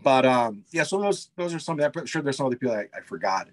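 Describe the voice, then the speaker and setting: Very animated and quick, this medium-pitched American pizza shop owner chats in a casual interview. He rambles with eagerness, peppering his speech with fillers and restarts.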